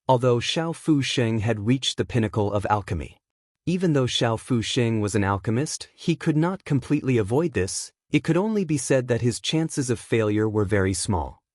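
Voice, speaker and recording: A man narrating a fantasy audiobook in an even, steady reading. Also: medium pitch, no room sound, studio quality. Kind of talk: scripted narration.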